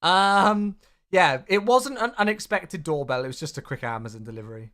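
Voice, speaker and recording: A man's voice: animated, normal speed. Upbeat man greeting viewers. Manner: upbeat, chatty, big swings in pitch and loudness. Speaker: flight sim livestreamer. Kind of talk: casual livestream chat greeting viewers.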